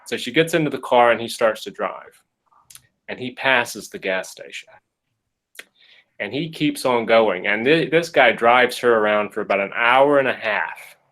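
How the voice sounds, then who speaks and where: A podcast host telling a story casually, with jokes along the way. He speaks at a mid pitch and acts out the lines he quotes. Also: a little slow, rough recording. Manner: jokey, animated, acts out quotes.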